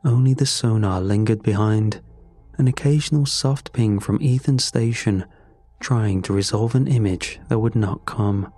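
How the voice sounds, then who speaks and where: Slow, deep-voiced man narrating a grim tale. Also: warm tone, dry recording, soft background music. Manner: measured, grim storytelling. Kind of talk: scripted first-person horror narration.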